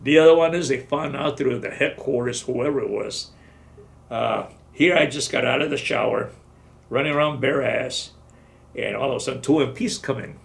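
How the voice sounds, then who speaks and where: Older man in his seventies, gravelly-voiced veteran, blunt and salty storyteller in an interview. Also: mid-range voice, moderate pace. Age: 70s. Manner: salty, blunt retelling with profanity. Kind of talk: oral history storytelling.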